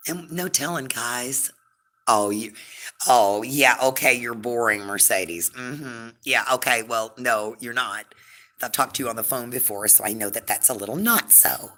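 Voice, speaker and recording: A woman hosting a casual live stream, rambling and chatty, full of fillers and warm toward her viewers. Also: a bass voice, a little slow.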